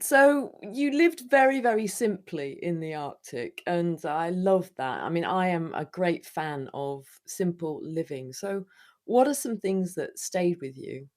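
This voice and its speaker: A woman's voice: on the low side, animated, unhurried. A woman from Birmingham with a Birmingham accent, hosting a podcast interview in an effusive, enthusiastic way. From Birmingham, England. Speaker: podcast host. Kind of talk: casual interview chat.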